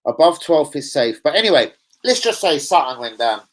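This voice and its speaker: A young man running a football fan reaction stream. He rambles loosely, swears freely and drops slang as he talks to his viewers. His voice sits a touch above the usual pitch for a man. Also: sing-song, normal speed, rough recording. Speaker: football fan channel host. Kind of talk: casual live-stream reaction chat.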